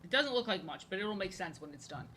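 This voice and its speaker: Woman, live-stream artist, casual rambling chat, jokey, repeats herself, sharp bright tone. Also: medium pitch, animated, fast, slight background noise.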